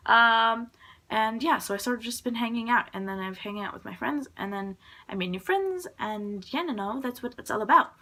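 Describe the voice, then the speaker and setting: A woman's voice: fairly high pitch, moderate pace, bright, forceful tone. A young woman vlogging in a casual, rambling chat to her camera, full of fillers and little laughs. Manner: rambling, filler-heavy, giggly. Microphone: phone or camera propped on a suitcase.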